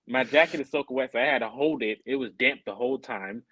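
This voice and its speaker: Animated man telling a story on a podcast. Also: mid-range voice, fast, dry recording, poor audio. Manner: animated, acts out quoted voices. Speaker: podcast co-host. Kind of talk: casual storytelling chat.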